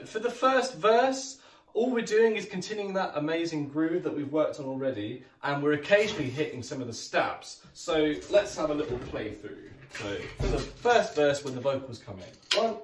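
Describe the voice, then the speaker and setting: A man's voice: fairly high pitch, expressive, normal speed. A man teaching drums in a friendly way, counting aloud and singing the beats with his mouth. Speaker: drum teacher. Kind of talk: music lesson. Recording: echoey room, mic at a distance, music playing.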